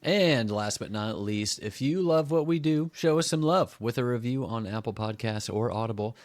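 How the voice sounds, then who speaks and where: A man's voice: mid-range voice, animated, moderate pace, dry recording. A man co-hosting a casual book podcast, playful and jokey. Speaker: podcast co-host.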